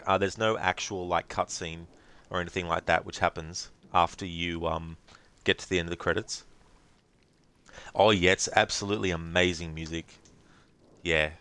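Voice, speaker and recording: A man's voice: low voice, bright, forceful tone. A man streaming a game live, chatting casually and rambling with plenty of fillers while thanking his viewers.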